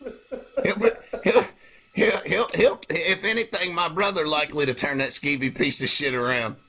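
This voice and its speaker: A man hosting a casual comedy podcast, telling profane, animated stories. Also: a little high, moderate pace. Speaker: podcast host.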